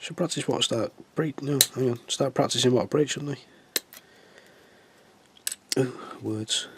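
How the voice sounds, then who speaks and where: A man's voice: mid-range voice, moderate pace, long pauses, noisy background. A man with a stuffy nose, chatting in a casual, self-mocking way as he works on a scale model. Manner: chatty, self-mocking, talks to himself while working. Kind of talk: casual hobby tutorial chat.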